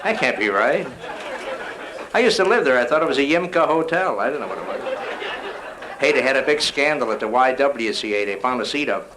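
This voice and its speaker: A man doing live stand-up comedy, rattling off rapid-fire one-liners with punchy delivery. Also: mid-range voice, lively intonation, a crowd in the background, background noise. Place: live nightclub show. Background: music.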